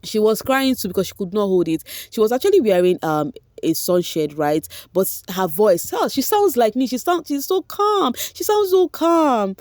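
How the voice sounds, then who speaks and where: A woman with a Nigerian accent in a casual vlog, giving an emotional, animated recap of a reality show and slipping into Pidgin now and then. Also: on the high side, moderate pace, few pauses, no room sound, studio quality.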